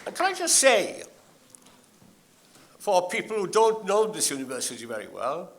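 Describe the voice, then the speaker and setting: An older man giving a graduation address in a slow, measured and anecdotal manner. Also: high-pitched, huge pitch swings, some chatter behind, slight background noise. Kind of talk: ceremonial speech.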